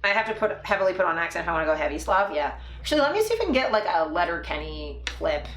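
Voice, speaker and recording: A woman's voice: lowish voice, sing-song, very fast, fairly bright tone, roomy sound, slight background noise. A Canadian woman streaming a casual live chat, talking freely with frequent laughs and fillers. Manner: chatty, laughing, trails off into fillers.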